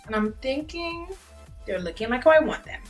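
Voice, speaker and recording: A woman's voice: high voice, sing-song, moderate pace, faint music behind. A young woman talking through a makeup tutorial in a chatty, playful way, speaking directly to her viewers. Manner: chatty, playful, addresses viewers as guys and sis. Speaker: beauty vlogger. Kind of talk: casual makeup tutorial chat.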